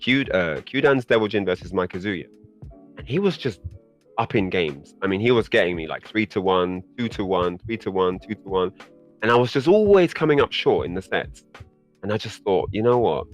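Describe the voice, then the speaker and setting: A man with a fairly low voice tells a story on a podcast in an easy, chatty way. He grows animated, his pitch climbs when he gets excited, and he often breaks into laughter. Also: normal speed, soft background music. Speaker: podcast guest. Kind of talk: casual storytelling.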